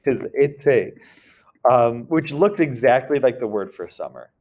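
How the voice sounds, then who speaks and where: A man's voice: medium pitch, animated, a little slow, a little mellow. A man teaching a recorded French grammar lesson, explaining step by step and checking in with his students often.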